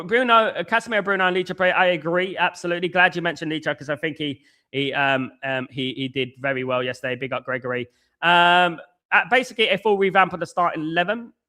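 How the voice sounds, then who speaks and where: A man hosts a live football stream. His voice sits high and sounds forceful. He talks casually and keeps repeating himself as he greets viewers. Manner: repetitive, conversational, greets viewers by name. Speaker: football channel host. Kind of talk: live-stream football talk, reading chat.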